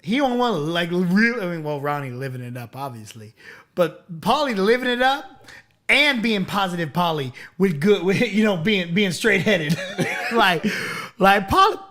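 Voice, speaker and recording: High-voiced man in excited chat. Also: normal speed. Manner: animated, acts out quoted lines. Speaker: co-host. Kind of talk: casual chat.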